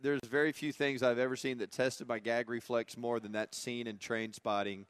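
A man's voice: mid-range voice, level tone, smooth, no room sound. Emphatic male radio host. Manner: emphatic, quick to laugh. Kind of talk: casual radio banter. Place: radio studio.

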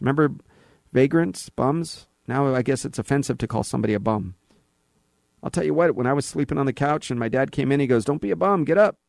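A man's voice: fairly high pitch, creaky, no room sound, studio quality. A man hosting a talk radio show, delivering an opinionated monologue with sarcasm, acting out bits of dialogue in other voices. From California. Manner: animated, sarcastic, acts out dialogue. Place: radio studio.

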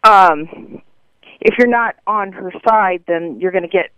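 Guy calling into radio, kinda high clear voice, venting, muffled phone line. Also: a little slow, no room sound. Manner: hesitant, fillers, venting. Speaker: caller. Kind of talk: call-in complaint.

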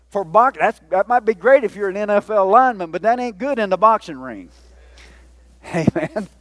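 A man preaching a sermon, teasing his listeners as he goes. His voice sits high for a man. The sound is dry and close, with no room echo. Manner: folksy, joking with the congregation. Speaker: pastor.

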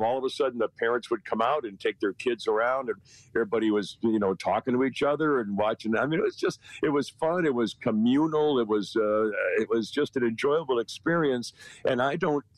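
Calling in from home for his weekly spot on a morning talk radio show, an older man rambles in a folksy, casual way, frequently chuckling. He has a medium-pitched voice at a moderate pace, recorded in low quality with no room sound.

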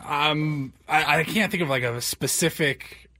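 A man's voice: fairly high pitch, measured pace, sharp tone. A man co-hosting a sports radio show, laid-back and chatting casually in the studio.

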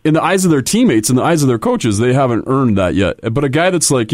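A man's voice: mid-range voice, sing-song, a little fast, hardly any pauses, no echo, studio quality. A man who runs hockey camps, chatting casually about players and telling stories, often restarting his sentences. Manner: rambling, restarts sentences, storytelling. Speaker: hockey camp coach and co-host.

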